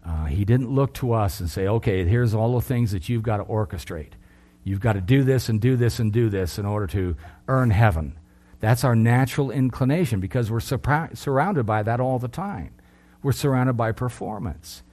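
A middle-aged man preaching a sermon, earnest, lifting his voice for emphasis and then dropping low. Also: normal speed, dark tone.

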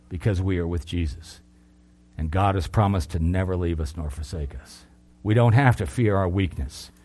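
A middle-aged man preaching a sermon, earnest, lifting his voice for emphasis and then dropping low. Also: a little mellow.

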